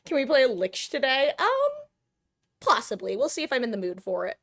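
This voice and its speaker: Talking fast and sounding animated, this young Southern California woman has a slightly high voice. She's streaming, chatting loosely with viewers in a self-deprecating, meandering way, with casual cursing. There's no room sound, and the audio is studio quality.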